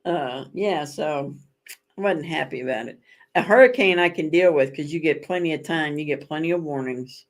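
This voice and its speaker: Rambling, expressive woman chatting with viewers. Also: sits low, normal speed. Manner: rambling, self-correcting storyteller. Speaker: livestream host. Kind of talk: casual chat with viewers.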